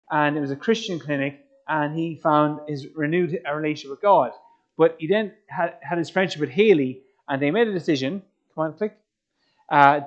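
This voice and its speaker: An Irish man giving a lively, joking faith talk to young people, quizzing the audience as he goes. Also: on the high side, muffled recording. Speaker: youth speaker.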